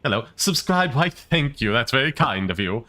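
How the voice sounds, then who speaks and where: Bright-voiced rambling male streamer. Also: medium pitch, very animated, normal speed. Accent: mixed British and American. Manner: rambling, full of fillers. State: sore voice. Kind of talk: casual gameplay commentary.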